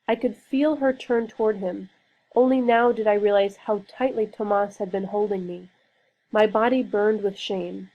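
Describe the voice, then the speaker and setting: A woman reading a novel aloud in a steady, earnest storytelling manner. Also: medium pitch, normal speed, phone-quality sound. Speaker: reader. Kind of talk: audiobook narration.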